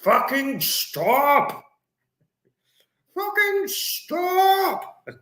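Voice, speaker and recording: A man's voice: very high voice, sing-song, pitched above the performer's own voice, exaggerated voice. A man putting on a bellowing, furious old man as an impression of a famous actor. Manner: shouting, drawn-out furious yelling. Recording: echoey room.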